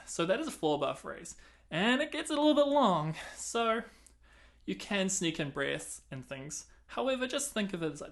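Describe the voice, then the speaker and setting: A man's voice: fairly high pitch, creaky. A man teaching clarinet, counting and singing rhythms aloud between casual explanations. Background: clarinet playing between talk.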